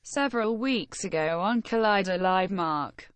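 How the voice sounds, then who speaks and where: A synthetic female text-to-speech voice reading viewer messages in a flat monotone. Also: mid-range voice, measured pace, clear, resonant tone, dry recording. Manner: flat monotone robotic delivery. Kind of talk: synthetic read-out of donations.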